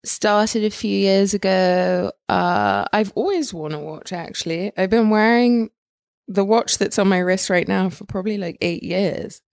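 A woman's voice: mid-range voice, unhurried, gravelly, a little mellow, no room sound, clean studio sound. A young woman co-hosting a casual podcast, chatting with lots of fillers and frequent laughter. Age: young adult. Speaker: podcast co-host, watch and jewelry editor. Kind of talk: casual chat.

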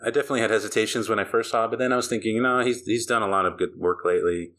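Deep-voiced man rambling on a podcast. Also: very fast. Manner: rambling, animated, laughs often. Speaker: podcast host. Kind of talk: casual chat.

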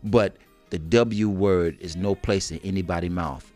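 A man's voice: low-pitched, measured pace, a little mellow, soft background music. A man co-hosting a casual talk show, talking in slang and laughing often. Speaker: co-host. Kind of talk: casual chat show banter.

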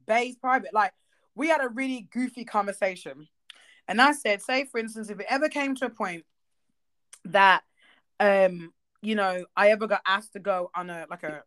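A woman co-hosting a casual chat, emphatic and blunt, swearing freely and getting animated as she makes her point. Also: medium pitch. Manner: animated, acts out quoted voices.

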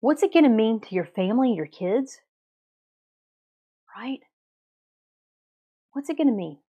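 An energetic woman hosts a motivational podcast episode. She talks straight to her listeners and coaches them with one direct question after another. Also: fairly high pitch, a little slow, muffled recording. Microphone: podcast mic, also filmed.

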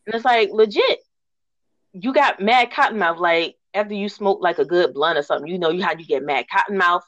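A woman hosting a podcast, telling rant stories in a lively, slangy, laughing way. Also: on the low side, fairly quick, dry recording. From northern United States. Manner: animated, slangy, laughing storyteller. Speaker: podcast host. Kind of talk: casual storytelling rant. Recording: dull lo-fi recording.

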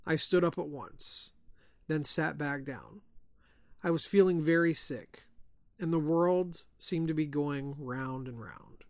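A man, a podcast host, reading a ghost story aloud in a hushed storytelling voice. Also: fairly high pitch, slow, no echo, studio quality.

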